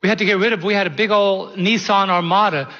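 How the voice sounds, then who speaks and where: Man, pastor, folksy sermon, rhetorical questions, high voice, long church reverb. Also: fairly even intonation, fast, pushed and bright, lo-fi sound.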